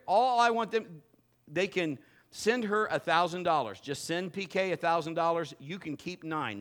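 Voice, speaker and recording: A man preaching a sermon from a church stage, telling a teasing, animated story and joking with the people he calls up. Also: on the high side. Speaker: pastor. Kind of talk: sermon with a live demonstration. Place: church stage before a congregation.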